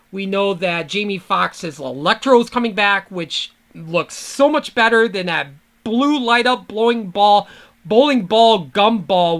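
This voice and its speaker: A podcast host talks alone in a loose, rambling monologue, swearing freely and drifting off topic. The voice is bright and forceful. The delivery is a casual fan rant rather than a prepared script. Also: mid-range voice.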